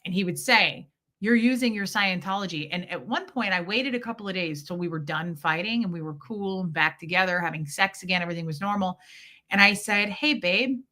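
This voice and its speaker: A woman hosts a casual livestream chat with live viewers, speaking candidly and telling a personal story in which she voices other people's words. Her voice is on the low side, a little fast, with a sharp tone.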